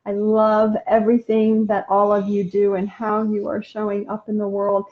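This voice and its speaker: A woman's voice: medium pitch, completely flat delivery, normal speed, narrow, tinny audio. A woman hosting a casual inspirational live stream, chatting and answering viewer comments with many ums and restarts.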